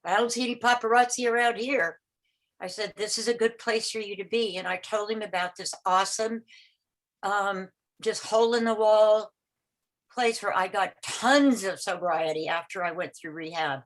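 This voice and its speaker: An older woman on a video call tells a rambling personal story in a medium-pitched voice, halting and restarting, repeating words, and acting out the voices of those she describes. Audio quality is poor.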